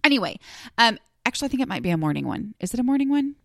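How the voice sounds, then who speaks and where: A woman's voice: on the high side, very animated, rapid-fire, vocal fry, no room sound. Chatty woman podcasting, dry close sound. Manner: chatty, rambling, self-deprecating with many fillers. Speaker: podcast host. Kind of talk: casual solo podcast talk.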